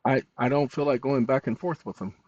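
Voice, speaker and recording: Animated male host, scolding an AI on a dull, dry home recording. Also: mid-range voice, fairly quick, no room sound. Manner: animated, scolding, talks to the chatbot and viewers. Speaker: channel host. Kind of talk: casual screen-recording commentary.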